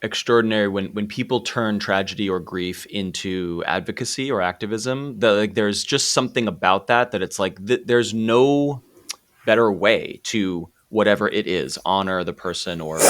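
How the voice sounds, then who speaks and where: A male podcast host with a very low, deep voice leads a casual interview. He thinks aloud, swears now and then without heat, and his voice drops and softens in the emotional moments. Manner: reflective, casual swearing, softens when moved. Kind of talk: conversational interview.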